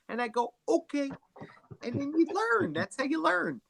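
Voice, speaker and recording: A man's voice: very high voice, very animated, normal speed, creaky, a bit bright. A man hosting a casual livestream chat, talking in a rambling, chatty way. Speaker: live stream host.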